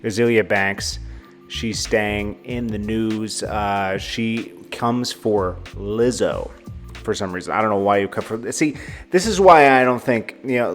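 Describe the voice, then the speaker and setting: A man hosting a celebrity news vlog, reading out quotes and giving casual, amused commentary with chuckling asides. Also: on the low side.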